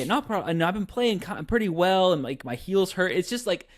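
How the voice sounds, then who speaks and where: A man's voice: fairly high pitch, sing-song, a little fast, few pauses. A young adult man co-hosting a podcast, rambling casually with restarts and laughing at himself. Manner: rambling, many restarts, self-mocking. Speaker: podcast co-host. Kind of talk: casual chat.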